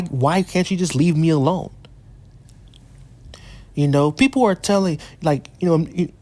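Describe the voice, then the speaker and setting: A man's voice: high-pitched, darkish tone. A man speaks straight to his viewers in an angry, aggrieved monologue. He stacks up rhetorical questions and says lines twice, stumbling over restarts when he gets worked up. Frequent swearing adds an edge to his frustration. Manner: restarts and repeats phrases while worked up. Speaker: YouTuber addressing his community. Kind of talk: heated monologue rant.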